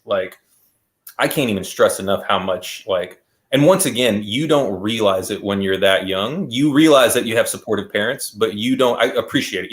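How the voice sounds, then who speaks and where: A man guesting on an interview show, talking casually and at length in a laid-back, rambling way. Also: lowish voice. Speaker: guest magician.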